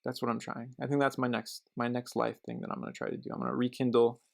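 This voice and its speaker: Rambling, gravelly middle-aged man. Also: mid-range voice, level tone, fast. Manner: rambling, self-interrupting, joking; turns quiet and reflective. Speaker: car vlogger. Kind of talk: casual chat.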